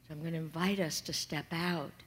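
A woman minister preaching a sermon, talking softly and slowly and sometimes dropping to a whisper. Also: deep voice, fairly even intonation, slight background noise. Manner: soft and slow, dropping to whispers.

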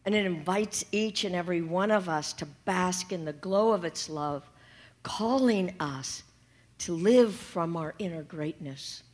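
A woman minister preaching a sermon, talking softly and slowly and sometimes dropping to a whisper. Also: fairly low pitch. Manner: soft and slow, dropping to whispers.

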